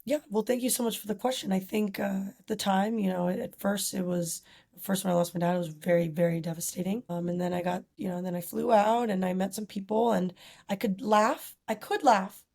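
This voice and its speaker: A woman's voice: mid-range voice, steady tone, brisk, gravelly, a little mellow. Earnest young woman sharing reflections. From Costa Rica. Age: young adult. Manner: earnest, thoughtful, many fillers like "you know" and "like". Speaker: podcast guest. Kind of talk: reflective conversational interview.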